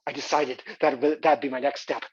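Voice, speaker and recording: A man's voice: mid-range voice, fairly even intonation, a little fast, breathy edge, close to an everyday voice. An actor playing a wealthy, boastful male arts patron in a theatrical monologue. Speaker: actor in a one-man stage play. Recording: dull lo-fi recording.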